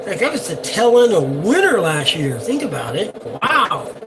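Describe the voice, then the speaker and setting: An older man talks casually on a live stream from aboard a yacht, speaking into a phone. He rambles and fills gaps with ums and uhs. Engine and wind hum sit clearly behind his voice. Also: high voice, wildly swooping pitch, normal speed. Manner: rambling, chatty, many fillers. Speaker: boat captain livestreamer.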